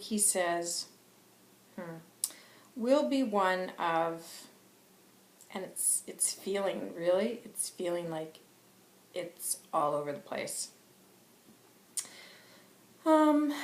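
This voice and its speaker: A woman giving an intuitive spiritual reading, passing on her spirit guide's messages in a halting, soft-spoken way. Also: medium pitch, lively intonation, echoey room. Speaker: intuitive reader.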